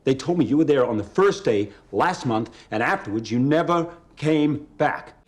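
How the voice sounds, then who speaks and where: A man's voice: mid-range voice, animated, moderate pace, close to an everyday voice. An actor plays a father caught off guard by bad news. He is incredulous and pressing, and his voice rises to accusation. His tone swings widely across a middle register. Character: stunned, demanding father of a teenage son.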